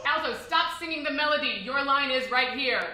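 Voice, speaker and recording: A woman playing a fussy, exasperated high school choir director who bursts into operatic singing. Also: brisk, reverberant, loud music behind the voice, close to an everyday voice, low-quality recording. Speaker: comedian. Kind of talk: comedy sketch.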